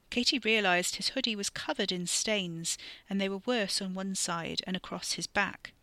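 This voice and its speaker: A woman podcast storyteller reading dark scripted fiction in a measured, even way. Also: lowish voice, creaky, no room sound.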